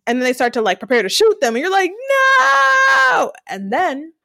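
A woman's voice: sits high, big pitch swings, very fast, dry recording, studio quality. A young woman from Delaware, co-hosting a podcast and animatedly retelling scenes from a TV series, laughing often. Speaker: podcast co-host recapping a TV series. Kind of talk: casual chat.

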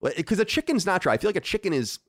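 A man hosting a podcast, chatting casually in an animated, profane, ranting way. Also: high-pitched, racing, dry recording, studio quality. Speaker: podcast host. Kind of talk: casual chat.

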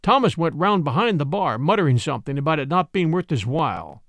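A man reading a classic short story aloud in an expressive storytelling manner. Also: a little high, a little fast, no room sound, clean studio sound. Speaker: narrator.

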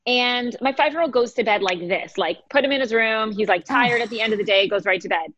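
A woman's voice: on the high side, a little fast, a bit bright, dull audio. A woman chatting casually as a mom on a podcast, telling a story with lots of hesitant fillers. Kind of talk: casual chat.

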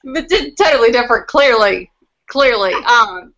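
A woman's voice: high-pitched, expressive, normal speed, bright, forceful tone. A woman with a New York accent in casual chat, playful and laughing often. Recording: dull lo-fi sound.

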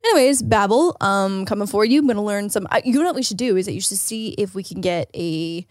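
A young adult woman co-hosting a podcast, chatting casually, excitable and gushing, laughing often. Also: medium pitch, fast, dry recording, clean studio sound. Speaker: podcast co-host. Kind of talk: casual chat.

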